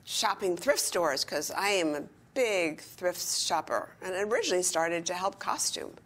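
A woman's voice: on the low side, animated, fairly bright tone. An older woman chatting enthusiastically as an interview guest in a retirement community. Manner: chatty and enthusiastic, quick bursts. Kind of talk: casual chat.

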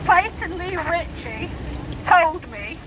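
Campaigner woman in her 60s, high voice, earnest and emotional, reading to a rally crowd over outdoor noise. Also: lively intonation, slow pace. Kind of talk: public speech, reading statements aloud. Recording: noisy outdoor recording.

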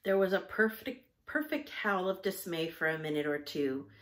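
A woman reading a children's novel aloud in a patient, teacherly way, pausing to spell out hard words. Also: on the low side, fairly bright tone. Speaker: reader. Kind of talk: storybook read-aloud with spelling breaks.

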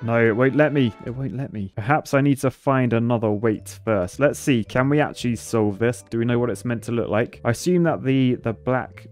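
A young man chatting excitedly as he thinks aloud through a puzzle game. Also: medium pitch, moderate pace, hardly any pauses, faint music behind. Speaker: gaming YouTuber. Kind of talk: casual let's-play commentary.

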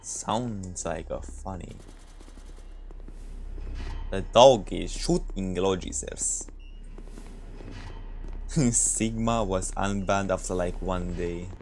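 A man's voice: sits low, drawn-out words, pauses often, darkish tone, soft background music. A man streaming a multiplayer game, chatting casually with players and laughing often. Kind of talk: casual gaming livestream chat.

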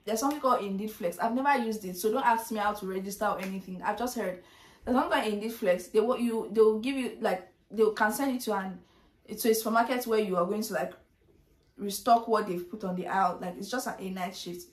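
A young woman lays out advice in an easy, conversational way. Her mid-pitched voice rings in a noticeably echoey room. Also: quick pace. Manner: chiming in, echoing and finishing her co-host's points. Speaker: vlog co-host. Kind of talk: casual advice chat.

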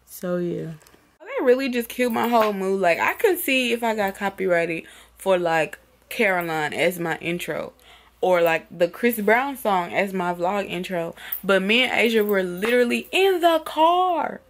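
A woman's voice: mid-range voice, animated, unhurried. A young woman talking casually to her vlog audience in slangy speech, packing nearly every phrase with "like" and "bro.". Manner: exasperated, venting. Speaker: vlogger.

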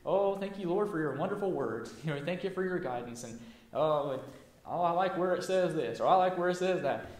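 A man preaching a sermon in a folksy, chuckling way, with many fillers and restarts. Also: fairly high pitch. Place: church sanctuary. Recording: echoey church room.

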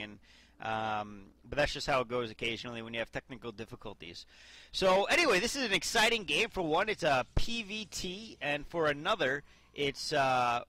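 A man's voice: on the high side, bright, forceful tone, dry recording. A young man doing casual video game commentary, chatty and rambling with lots of fillers and asides.

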